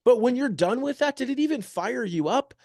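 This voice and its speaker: A man in his thirties, a real estate agent giving an energetic, joking motivational talk and peppering the room with rhetorical questions. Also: very high-pitched, brisk, vocal fry, no echo, studio quality. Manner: joking, upbeat. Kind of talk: motivational presentation to an audience.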